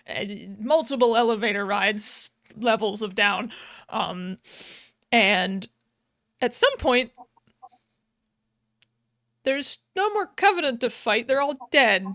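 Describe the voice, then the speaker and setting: A young woman with a slightly high, bright voice recaps a story at an unhurried pace. She rambles, giggles and restarts her sentences, and the sound is close and dry. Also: expressive, no echo. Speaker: podcast co-host. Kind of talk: casual chat, retelling a game's plot. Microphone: podcast microphone.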